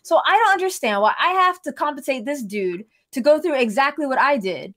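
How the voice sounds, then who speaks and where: A woman's voice: high voice, lively intonation, brisk, fairly bright tone. A woman co-hosting a casual podcast chat, ranting heatedly and swearing freely. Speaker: podcast co-host.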